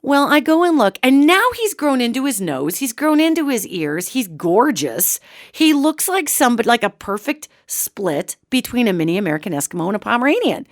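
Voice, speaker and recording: Animated woman host telling stories. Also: on the high side, normal speed, no room sound, clean studio sound. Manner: animated and chatty, addresses listeners as gang. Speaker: radio show host. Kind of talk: casual anecdotal storytelling.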